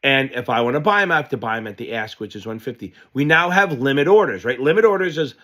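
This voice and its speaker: A man's voice: medium pitch, fast talker. Casual, profane male finance tutor. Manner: animated storyteller, loose and profane. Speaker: exam prep tutor. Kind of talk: casual lesson told through a personal anecdote.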